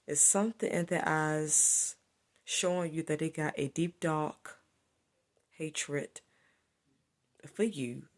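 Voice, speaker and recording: A woman's voice: low voice, takes it slowly, pauses often. A woman giving a solo spiritual monologue to camera, repetitive and emphatic as she accuses. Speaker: spiritual vlogger.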